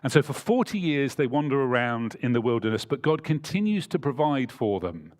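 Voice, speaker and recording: A man's voice: medium pitch, sing-song, fairly quick. A man preaching a sermon in a church, telling a scripture story and reading passages aloud with emphasis. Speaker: pastor.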